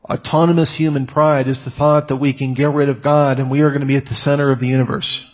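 A man's voice: mid-range voice, flat delivery, fast talker. A man preaching a conversational sermon, with asides to his audience. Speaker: pastor.

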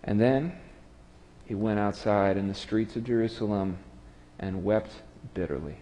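Storytelling preacher in a long-echoing hall. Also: male voice, on the low side, fairly even intonation, measured pace, a little hiss or hum. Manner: storytelling, dramatic drops to quiet. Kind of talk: sermon.

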